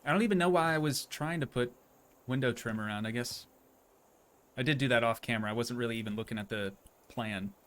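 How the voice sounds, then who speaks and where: A man's voice: medium pitch, brisk, a bit bright. A young man chatting casually as he streams a game, rambling and poking fun at himself. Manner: rambling, chatty, self-deprecating. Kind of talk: casual gameplay commentary.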